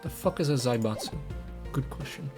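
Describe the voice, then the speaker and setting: A man commenting on a game he plays, loud and crude, with swearing asides. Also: medium pitch, animated, normal speed. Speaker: let's play host. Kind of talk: let's play commentary. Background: game music.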